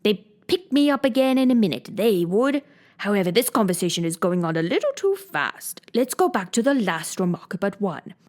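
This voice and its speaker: A woman voicing a pompous, touchy egg man in a storybook reading, slow and haughty, lecturing as he talks. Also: mid-range voice, big pitch swings, a little mellow, natural voice.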